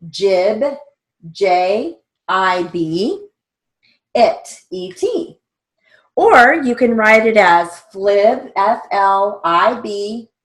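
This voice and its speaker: A woman's voice: medium pitch, fairly bright tone. A woman teaching steno theory in a patient way, spelling out words letter by letter. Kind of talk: slow spelled-out instruction.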